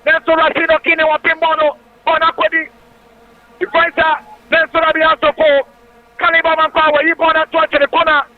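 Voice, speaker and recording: A man giving excited live football commentary on radio, calling out player names in quick play-by-play. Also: very high-pitched, dry recording. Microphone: radio studio mic. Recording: tinny radio broadcast line.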